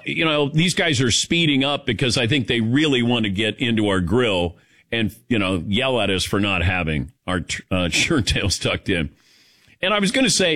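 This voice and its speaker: A man hosting a talk radio show, telling a rambling story casually with lots of fillers. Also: medium pitch. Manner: rambling, animated, many fillers.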